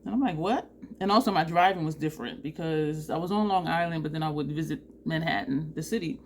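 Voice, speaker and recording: Chatty makeup vlogger, a woman with a lower voice, animated, quick to laugh. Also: a little hiss or hum. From New Jersey. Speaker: beauty vlogger. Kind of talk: casual makeup tutorial chat.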